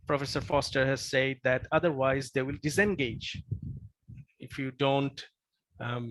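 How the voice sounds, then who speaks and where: A male professor lecturing in a dry, close recording, his voice sitting a little high for a man. He talks earnestly, repeats his key points and pauses on fillers and restarts. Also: fairly bright tone, dry recording, rough recording. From Bangladesh. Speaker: professor giving a training lecture.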